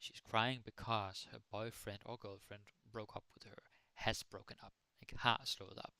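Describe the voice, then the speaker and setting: Male Danish tutor, easygoing and jokey; low, gravelly, bright-edged voice; close, dry mic. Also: moderate pace, no echo. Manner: relaxed, playful, mixing Danish and English with jokey examples. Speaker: Danish language teacher. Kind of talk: casual live-stream language lesson. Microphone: close microphone.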